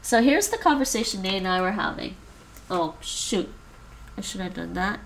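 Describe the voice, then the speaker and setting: A woman's voice: mid-range voice, lively intonation, moderate pace, vocal fry, a little hiss or hum. A woman chatting casually on a language-learning livestream, sniffly from the cold, repeating words after an app and laughing often. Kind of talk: casual livestream chat while practicing pronunciation.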